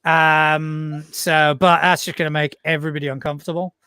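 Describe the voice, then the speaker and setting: A man's voice: on the high side, level tone, normal speed, bright, forceful tone, clear, resonant tone, no room sound. A middle-aged British man co-hosting a podcast, chatting casually with wry, dry jokes. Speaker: podcast co-host. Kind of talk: casual chat.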